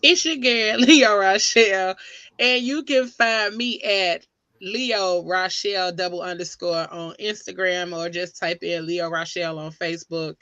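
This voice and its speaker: A woman with a bright, forward voice hosts a casual podcast chat. She sounds breezy and slangy and talks straight to her listeners. The sound is dry and close. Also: lowish voice, a little slow, dry recording, dull audio. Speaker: podcast host.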